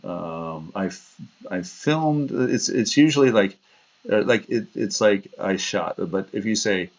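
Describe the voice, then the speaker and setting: Speaking a little slowly in a fairly low voice, a man hosts a livestream and wanders chattily from story to story. He laughs at himself and performs quoted voices, heard through dull, lo-fi stream audio.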